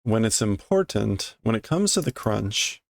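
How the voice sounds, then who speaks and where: A man reading a manga aloud and translating it line by line, hesitant and self-correcting as he thinks out loud. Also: lowish voice, very animated, unhurried, gravelly, no room sound. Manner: hesitant, self-correcting, muttering through guesses.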